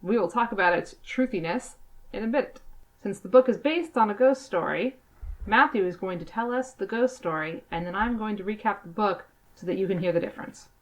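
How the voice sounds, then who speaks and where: A woman's voice: mid-range voice, brisk, low-quality recording. A woman co-hosting a podcast, chatty and self-deprecating as she recaps a book. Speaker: podcast co-host. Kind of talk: casual podcast chat.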